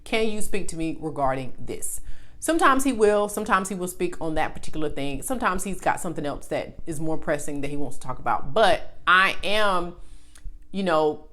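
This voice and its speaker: A woman with a slightly low voice guides beginners through Bible study. She talks conversationally, often pausing with fillers and restarting her sentences. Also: animated, fairly bright tone. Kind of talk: casual teaching video.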